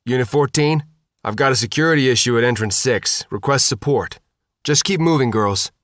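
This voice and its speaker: A man's voice: mid-range voice, normal speed, a bit bright, dry recording, clean studio sound, natural voice. A man voicing a commanding, curt male bodyguard in an audiobook.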